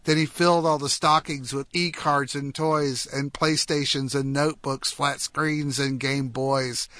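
A man with a crisp, bright voice hosts a radio call-in show from a studio. He reads a rhyming poem aloud with steady, measured rhythm. The sound is close and dry, with no room around it. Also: mid-range voice, no echo. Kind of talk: reading a comic holiday poem aloud.

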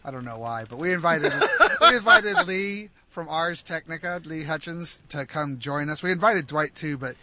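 A man's voice: on the high side, normal speed, few pauses, background noise. A man hosting a casual radio talk show from a studio, joking and rambling as he goes. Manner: joking, rambling, often laughing.

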